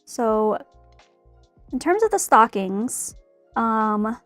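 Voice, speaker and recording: A woman's voice: on the high side, sing-song, drawn-out words, no echo, faint music behind. A young woman chatting casually in a bubbly, rambling way while she paints a figure. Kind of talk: casual chat while crafting.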